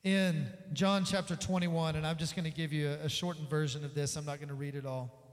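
A man preaching a sermon as pastor, energetic, acting out the voices in the story he tells. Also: a little high, a little fast. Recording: long reverb of a large hall.

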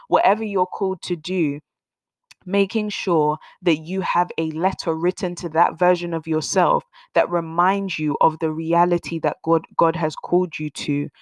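A woman's voice: fairly low pitch, no room sound. A young woman hosting a faith podcast, talking in an earnest, encouraging way and repeating phrases for emphasis. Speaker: podcast host.

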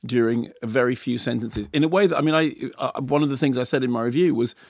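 Rambling gravelly British film critic. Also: male voice, medium pitch, fast, dry recording, clean studio sound. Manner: rambling, restarts often, opinionated. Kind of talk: casual radio chat.

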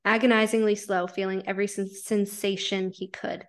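A woman's voice: medium pitch, flat delivery, brisk. A woman podcast co-host who reads fanfiction aloud, then chats casually, swearing freely and laughing as she reacts.

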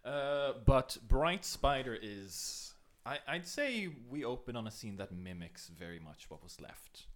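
A man narrating an improvised scene at a tabletop game, halting and searching for words. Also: mid-range voice, expressive.

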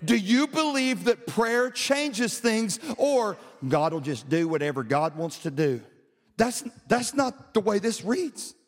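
A pastor with a high voice delivers a sermon to his congregation, shifting from casual storytelling into loud, shouted passages that leave his throat a bit strained. He is very animated and slow, and his voice rings with the long reverb of a big auditorium.

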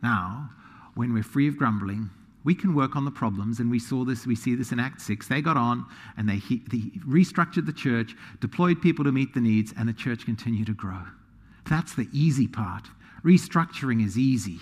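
A man preaching a sermon as pastor, animated and self-deprecating, moving into a quiet prayer. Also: medium pitch, moderate pace. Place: church sanctuary. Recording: long hall reverb.

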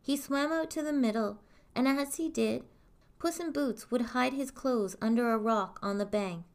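A woman reading a fairy tale aloud in a calm, even storytelling manner. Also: a little high, moderate pace.

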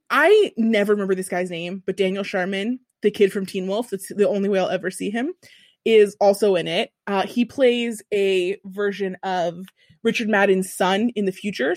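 Animated young woman telling a story. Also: mid-range voice, dry recording, clean studio sound. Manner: animated, profane storytelling with asides. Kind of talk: casual chat.

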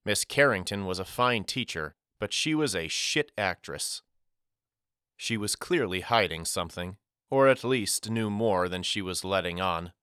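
A man narrating a first-person audiobook story in a wry, measured storytelling manner. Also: low voice, lively intonation, sharp tone, clean tone, no echo, studio quality.

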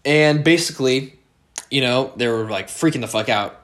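A young American man hosts his podcast solo, talking in a loose, unscripted way at a normal speed with a medium-pitched, slightly bright voice. He rambles, swears freely, and keeps circling back on himself, full of fillers and restarts.

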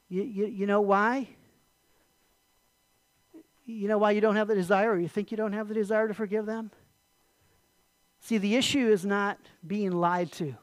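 Pastor preaching, middle pitch, swings from firm emphasis to near-hushed phrase endings, dry sound. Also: no room sound. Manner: emphatic, swings from loud declarations to soft near-whispered endings; repetitive, rhetorical questions. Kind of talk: sermon with closing prayer.

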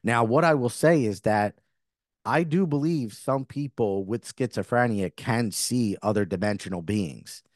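A man's voice: on the low side, measured pace, a little mellow, no room sound, studio quality. A middle-aged man hosting a spiritual podcast, talking earnestly in a rambling way full of restarts and self-corrections. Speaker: podcast host.

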